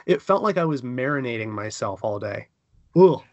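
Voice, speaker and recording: A man of middle pitch hosts a podcast with a joking, teasing energy and quick bursts of animation. The recording is dry and close, with no room sound around him. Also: animated, no echo, highs cut off. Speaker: podcast host. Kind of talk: casual chat.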